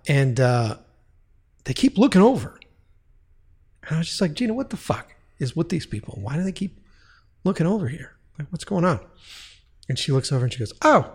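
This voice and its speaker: A man telling a long casual story, profane and rambling, with frequent restarts. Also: medium pitch.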